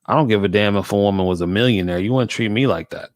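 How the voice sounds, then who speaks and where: A man's voice: fairly low pitch, fast talker, dry recording, studio quality. A man, a laid-back host giving casual reaction commentary and often saying "man.".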